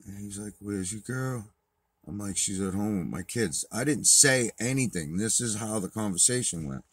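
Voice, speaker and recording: A deep-voiced man with a husky edge tells a rambling story straight to camera, swearing freely. He drops to a mutter, then bursts out loud. The sound is dry and close. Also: normal speed, no echo. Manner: profane, animated retelling, swings from muttered to shouted. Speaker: vlogger. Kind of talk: casual storytelling monologue.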